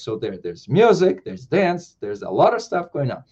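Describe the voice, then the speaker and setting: A man's voice: fairly high pitch, huge pitch swings, normal speed, few pauses, darkish tone, husky, dull audio. A man hosting an interview, asking earnest questions and explaining event details, with occasional fillers and restarts. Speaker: interview host. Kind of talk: interview, reading festival details.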